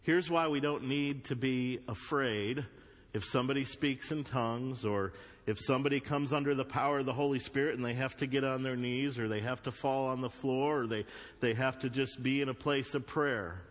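Southern US male pastor, mid-pitched, preaching with emphatic swings, church hall reverb. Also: normal speed. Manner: swings from loud emphatic bursts to low earnest asides. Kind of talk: sermon. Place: church sanctuary.

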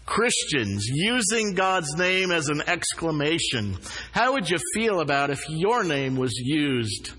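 Male pastor, sermon delivery, fairly high voice for a man, earnest, leans on key words; long reverb from the church hall. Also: bright, forceful tone. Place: church sanctuary.

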